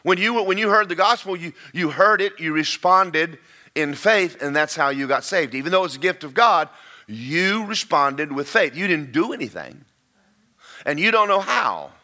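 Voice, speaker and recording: A man's voice: on the high side, expressive, normal speed, bright, forceful tone. A man preaching a sermon, talking to his congregation in a chatty way, telling stories and repeating himself for effect. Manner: conversational preaching with storytelling and repetition. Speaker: pastor.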